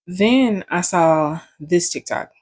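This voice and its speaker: A woman's voice: fairly low pitch, animated, slow, a little mellow, dry recording. Young woman vlogger, casual storytelling, profane and joking, dry close sound.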